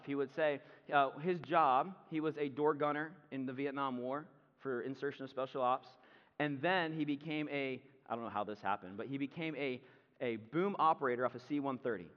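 Man preaching in a reverberant church. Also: mid-range voice. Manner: conversational preaching with asides. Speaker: pastor. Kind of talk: sermon. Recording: muffled sound with long hall reverb.

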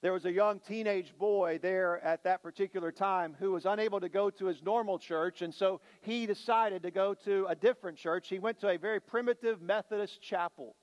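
A man preaching a sermon as a pastor, slowing down and building emphasis on key lines. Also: sits high, long reverb tail, lo-fi sound. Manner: preaching with dramatic slowdowns and rising emphasis.

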